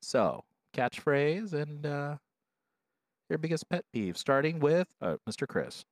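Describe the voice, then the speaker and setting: A man's voice: fairly high pitch, big pitch swings, takes it slowly, no room sound, studio quality. A young man hosting a casual comedy podcast, teasing his co-hosts in a playful mock-announcer manner. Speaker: podcast host.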